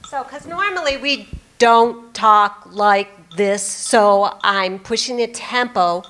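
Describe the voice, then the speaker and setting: A woman's voice: a little high, slow, a bit bright. A woman in her fifties, a music therapist, giving an upbeat live demonstration talk and coaching a volunteer in front of an audience. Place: presentation room with audience.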